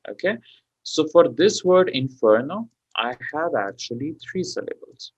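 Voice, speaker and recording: A man's voice: fairly high pitch, big pitch swings, a little slow, breathy edge, no room sound, dull audio. A male tutor teaching a live online exam class, explaining step by step with frequent fillers like "okay" and "you know".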